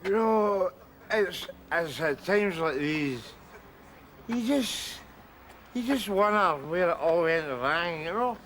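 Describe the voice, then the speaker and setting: A man's voice: sits high, expressive, takes it slowly, a bit bright, a little hiss or hum. A middle-aged man with a Glaswegian accent, playing a rambling, self-pitying sitcom drunk. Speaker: sitcom character. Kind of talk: sitcom acting.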